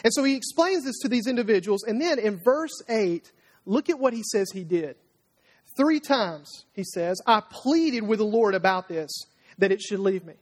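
A male pastor preaching a conversational sermon. He acts out prayers and God's answers in a lively, talkative way. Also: high-pitched, moderate pace. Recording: long reverb of a large hall.

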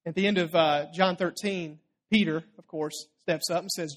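A preacher retells a story in a loose, conversational sermon, checking in with the listeners as the story goes. The delivery rises for emphasis and then drops low and quiet for quoted words. The voice sits at a middle pitch. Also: steady tone, moderate pace, few pauses.

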